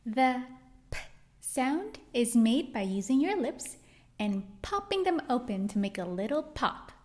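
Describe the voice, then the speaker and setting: Female children's reading teacher, higher voice, slow and carefully sounded-out delivery. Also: very animated. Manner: slow, cheerful, exaggerated praise for kids. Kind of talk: children's phonics lesson.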